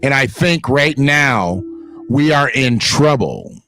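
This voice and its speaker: A man's voice: medium pitch, expressive, takes it slowly, fairly bright tone, faint music behind. A man hosting his own online show, talking in blunt, profane, emphatic casual commentary.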